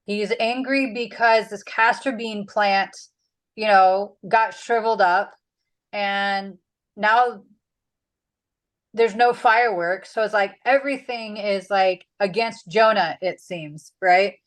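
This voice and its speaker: A woman's voice: medium pitch, slow, poor audio. A woman leading a casual Bible study, chatty and full of fillers. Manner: chatty, with many "like"s and "um"s.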